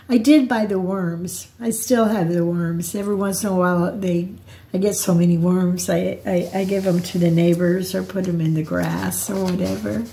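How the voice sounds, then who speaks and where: A woman's voice: fairly low pitch, steady tone, moderate pace, vocal fry, mellow. An older woman telling personal stories in a rambling, reflective vlog, often restarting her sentences. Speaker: vlogger.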